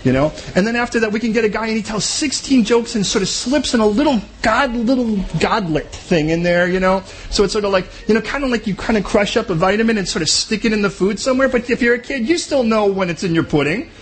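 A man preaching a sermon in a conversational, joking way, acting out quick little voices. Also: high-pitched. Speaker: pastor.

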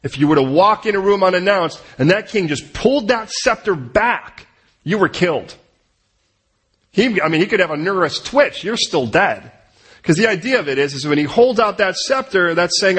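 A man preaching a sermon in an animated way, acting out the voices of the people he quotes. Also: high-pitched, normal speed, breathy edge. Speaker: pastor.

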